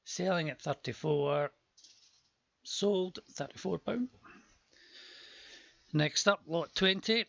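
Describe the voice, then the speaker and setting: A man's voice: sits high, slow pace, vocal fry, pauses often, fairly bright tone, no room sound, muffled recording. A man calling a live auction stream, chatty with joking asides, his voice worn from a long day before.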